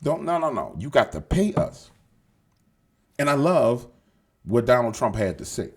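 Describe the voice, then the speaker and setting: Husky-voiced man ranting with lively pitch. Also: unhurried. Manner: animated, profane, streetwise slang, talks straight to viewers. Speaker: political commentary podcast host. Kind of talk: casual opinionated monologue.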